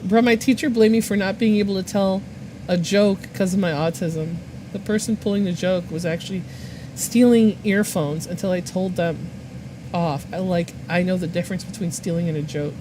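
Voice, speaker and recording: A woman's voice: lowish voice, steady tone, normal speed, background noise. A woman casually chatting on her art livestream, rambling with lots of fillers, swearing and laughing. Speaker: art streamer.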